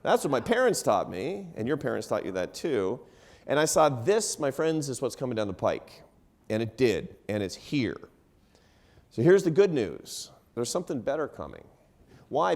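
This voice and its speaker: A man's voice: medium pitch, big pitch swings, brisk. A middle-aged man from the United States telling a story on stage to a live audience, with laughs and self-deprecating asides. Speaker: panelist. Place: event hall before a live audience.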